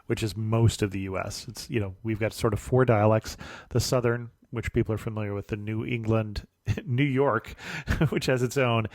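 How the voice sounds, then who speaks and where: A man hosting a travel podcast interview, relaxed and chatty, often chuckling and giving short affirmations. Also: fairly low pitch, moderate pace, dry recording, studio quality. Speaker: podcast host. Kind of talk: conversational interview.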